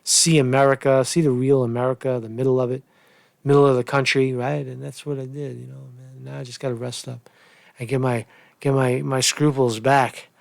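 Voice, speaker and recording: A man's voice: medium pitch, flat delivery, normal speed, creaky, no room sound. A man giving casual political commentary in a video blog, rambling and blunt, repeating and restarting his phrases.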